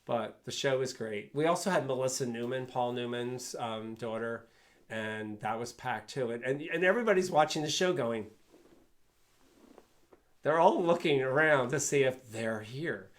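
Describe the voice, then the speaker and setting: A man's voice: medium pitch, normal speed. An older man, a guest speaker, telling fond, rambling anecdotes and chuckling along the way. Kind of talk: anecdotal storytelling.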